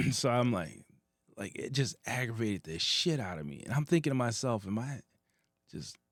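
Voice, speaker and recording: A man's voice: medium pitch, moderate pace, no echo, studio quality. A man co-hosting a casual bar-talk podcast, telling a story with lots of swearing and laughter. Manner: animated, profane, laughs through his story. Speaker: podcast co-host.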